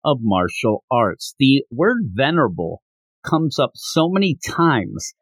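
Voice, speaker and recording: A man's voice: mid-range voice, slow, husky, no echo. A male podcast host giving a casual, giggly recap of a comic chapter and acting out its dialogue. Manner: animated, giggly, acts out dialogue. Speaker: podcast host reviewing manga.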